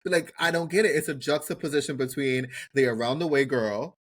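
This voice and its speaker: A man co-hosting a podcast in casual chat, talking in an animated, incredulous way and drawing out his words for emphasis. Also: mid-range voice, fairly quick. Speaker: podcast co-host.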